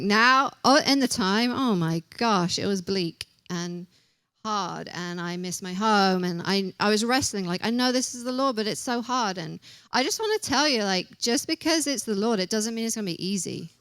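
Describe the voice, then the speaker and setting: A young woman gives a casual sermon, warm in her humor and quick to poke fun at herself. Her voice sits at a middle pitch. The sound is dry, with little room around it. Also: animated, no echo. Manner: chatty and self-deprecating, acts out quotes. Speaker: preacher.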